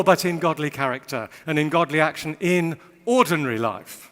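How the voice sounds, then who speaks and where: Male speaker, slightly high and bright, witty sermon delivery in a large reverberant hall. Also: normal speed, hardly any pauses. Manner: witty, varied emphasis, repeats phrases rhythmically. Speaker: speaker giving a Bible talk. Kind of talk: sermon talk to a live audience.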